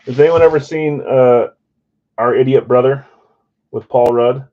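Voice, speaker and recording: A man's voice: medium pitch, unhurried. A man hosting a live card break stream, chatting casually with viewers and poking fun at his own mistakes. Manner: self-deprecating, chatty, talks to chat viewers. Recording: slightly dull lo-fi stream audio.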